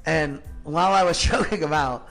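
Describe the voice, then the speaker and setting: A man's voice: a little high, moderate pace, a bit bright, faint music behind. A man in his thirties, a podcast guest telling his story in a blunt, profane, casual way, full of filler words. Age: 30s.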